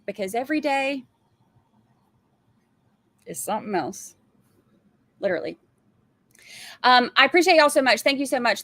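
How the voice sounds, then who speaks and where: A woman's voice: high-pitched, animated, normal speed, pauses often, fairly bright tone, no echo. A sleep-deprived woman, chatting casually and rambling with giggles as a livestream host. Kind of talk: casual chat.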